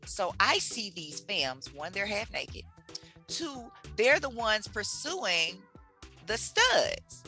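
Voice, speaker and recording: A bright, animated woman with a Southern US accent tells her stories as a podcast guest. Her pitch swings widely as she acts out the voices of other people and laughs along the way. Faint music sits behind her. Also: takes it slowly. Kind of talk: animated storytelling in casual chat.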